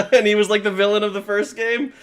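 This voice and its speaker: A male streamer chatting casually with his viewers into a desk microphone, excitable, swearing, stammering and laughing often. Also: high voice. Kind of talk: casual livestream chat.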